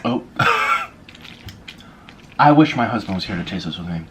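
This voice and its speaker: A man with a low, fairly bright voice and lively intonation speaks unhurriedly as he films a casual mukbang vlog. Seated indoors by a window in a city apartment, he enthuses over his food between bites, with slight background noise present.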